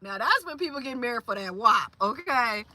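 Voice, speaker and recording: A woman in her forties hosts a casual livestream chat, reading viewer comments aloud and answering them in loose, slangy talk full of fillers. Her voice is on the high side, expressive, pushed and bright, at a normal speed. There's no room sound.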